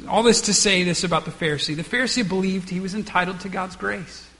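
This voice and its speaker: A man's voice: high voice, quick pace, pushed and bright, in a large hall. A man preaching a sermon, acting out the characters' lines and often restarting his words. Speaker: pastor.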